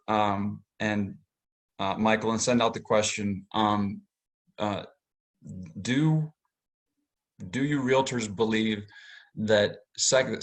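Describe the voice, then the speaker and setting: Man, low voice, mortgage lender, webinar talk to realtors, explanatory, filler words, computer mic. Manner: explanatory, with frequent fillers and restarts. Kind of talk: webinar presentation.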